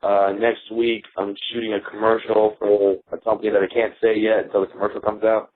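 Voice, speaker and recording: Joking comedian guest on a tinny line. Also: male voice, on the low side, level tone, a little fast. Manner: joking, laughs at his own stories. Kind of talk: casual comedy interview. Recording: tinny phone-like radio audio.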